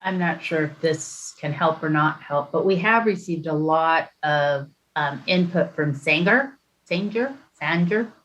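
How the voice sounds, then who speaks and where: A woman's voice: deep voice, unhurried, few pauses, poor audio. A woman commissioner speaking in a public meeting, hesitant and apologetic. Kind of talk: meeting discussion.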